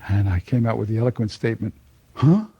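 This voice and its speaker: A man's voice: on the low side, little pitch movement, very fast, warm tone, slightly rough, muffled recording. An older man telling a personal conversion story to an audience, folksy and chuckling often. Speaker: speaker giving a personal testimony.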